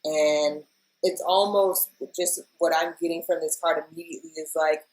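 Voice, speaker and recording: A woman in her thirties talks through a tarot reading in a loose, chatty way. She gets openly emotional and keeps calling to her viewers as "y'all." Her voice sits a little low. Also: steady tone, moderate pace, a little mellow, rough recording. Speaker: tarot reader. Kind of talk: casual weekly tarot reading.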